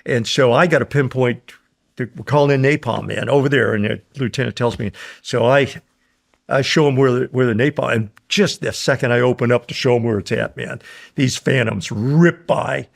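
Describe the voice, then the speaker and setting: Gravelly older man telling war stories. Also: mid-range voice, moderate pace. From United States. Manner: rambling, chuckling, acts out quoted voices. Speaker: guest, war veteran. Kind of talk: casual storytelling.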